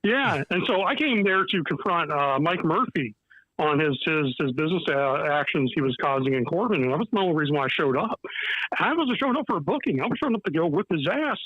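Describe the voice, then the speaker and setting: A man's voice: a little high, fast, no room sound, dull audio. Laughing man telling wrestling stories. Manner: animated, acts out quotes with laughter. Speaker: retired wrestler, podcast guest. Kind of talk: casual storytelling chat.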